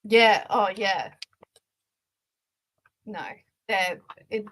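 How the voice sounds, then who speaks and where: A woman's voice: medium pitch, slow, long pauses, fairly bright tone, low-quality recording. A woman co-hosting a casual live stream from a video call, with a mid-range voice. She is giggly and self-conscious as she chats and explains things.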